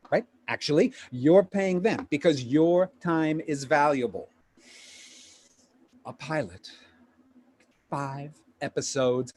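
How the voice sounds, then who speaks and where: An actor playing a pushy, fast-talking male Hollywood agent in a live play reading over a video call, with rapid, stammering sales patter. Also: on the high side. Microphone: home computer mic on a video call.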